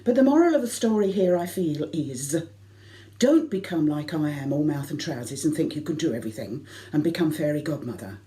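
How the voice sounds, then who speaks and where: A middle-aged woman telling a comic personal anecdote to a concert audience, lively and self-mocking. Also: sits low, a little fast. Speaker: variety concert performer.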